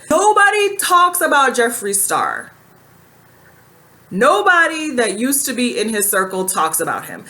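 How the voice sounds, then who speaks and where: A woman's voice: on the high side, sharp tone. A woman giving casual reaction commentary in a sassy, blunt way, firing off rhetorical questions.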